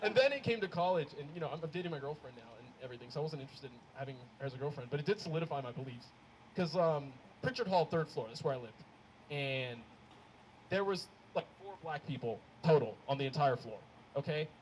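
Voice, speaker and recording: A young man performs stand-up at a live comedy show. His voice sits high and swings widely in pitch as he tells his stories, often laughing at his own punchlines. The recording carries a clear layer of noise from the venue. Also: quick pace, rough recording. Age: young adult. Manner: animated storytelling, laughing at his own jokes.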